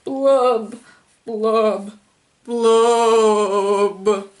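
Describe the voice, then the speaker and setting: Lady reading a droopy sad fish guy from a kids storybook, super slow and mopey. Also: fairly high pitch, steady tone, a little mellow. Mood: glum. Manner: slow mournful droning recital. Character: glum gloomy male pout fish. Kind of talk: storybook read-aloud.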